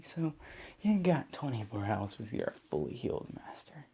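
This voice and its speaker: A man's voice: mid-range voice, very animated, normal speed, creaky, mellow, husky, exaggerated voice. A man doing a smug demonic teenage boy. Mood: scheming.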